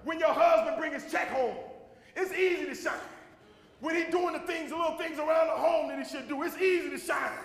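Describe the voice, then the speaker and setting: A man preaching a sermon as pastor, with a Southern American accent, shouting and repeating refrains to a responding congregation. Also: extremely high pitch, steady tone, a little fast, gravelly. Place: church sanctuary with congregation. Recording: echoey hall recording.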